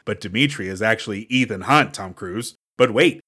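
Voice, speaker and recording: A man co-hosting a casual comedy podcast, deadpan and mock-formal, sometimes putting on an announcer tone. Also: lowish voice, normal speed, breathy edge. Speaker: podcast co-host.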